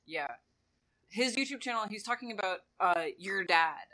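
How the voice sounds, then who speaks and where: A podcast co-host in an easy conversation, with a bright, sharp-edged tone. They talk loosely and hesitantly, often pausing on fillers, with a voice at a middle pitch. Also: animated, low-quality recording. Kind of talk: casual discussion.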